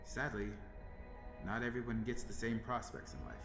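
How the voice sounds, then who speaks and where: A man's voice: mid-range voice, steady tone, normal speed, natural voice. Guy doing a chill train conductor calling out stops, roomy sound with music under it. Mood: calm. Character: calm male train conductor announcing stops. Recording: roomy game audio over music.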